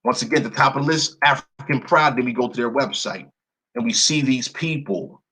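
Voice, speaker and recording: A man's voice: mid-range voice, a little fast, bright, forceful tone, slightly rough, rough recording. A man giving a screen-share commentary, reading long word lists aloud in a blunt manner and cursing now and then. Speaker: presenter.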